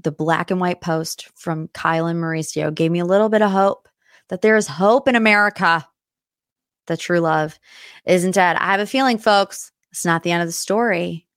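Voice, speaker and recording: A woman's voice: fairly low pitch, normal speed, no room sound, studio quality. Chatty young woman dishing celebrity gossip. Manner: chatty and animated, with dramatic asides. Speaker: podcast host. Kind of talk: casual pop-culture gossip chat.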